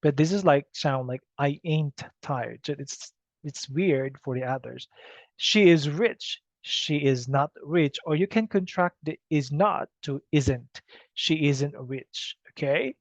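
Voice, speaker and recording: A man explains English grammar in a slow, patient lecture, often stopping to ask "okay?". His voice sits a little high and gravelly. The recording is dry and muffled. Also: no echo. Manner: slow, patient, repeats "okay?" to check understanding. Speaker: English teacher.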